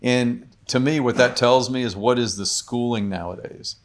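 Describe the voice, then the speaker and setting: A man's voice: mid-range voice, moderate pace. A man, a doctor and podcast guest, chatting casually and telling stories in which he acts out the people he quotes. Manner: storytelling, acts out quoted patients.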